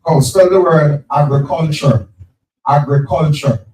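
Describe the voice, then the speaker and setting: A man, hosting a live spelling game at an event, brisk and teasing, repeating each word. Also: a little high, crowd noise. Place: event venue with crowd. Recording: echoey, distant from the mic.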